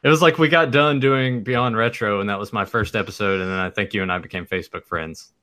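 A man co-hosting a podcast, talking in a relaxed, hesitant way. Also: on the low side, fast talker. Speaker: podcast co-host. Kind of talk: casual chat.

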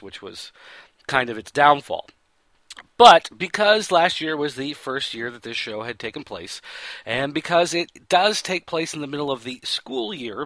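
A man hosting a pop-culture show talks through a casual, rambling recap, leaning on fillers and correcting himself as he goes. His voice is bright and forceful, set at a middle pitch for a man. The recording is dry, with no room around him. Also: no echo. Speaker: podcast host.

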